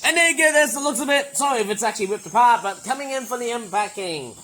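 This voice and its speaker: A man with a hoarse, sore-throated voice talks through a toy unboxing in a casual, rambling way, breaking into loud excited bursts. His voice sits high and sounds bright and tense despite the hoarseness. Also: fast talker, a little hiss or hum, rough recording. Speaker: toy reviewer.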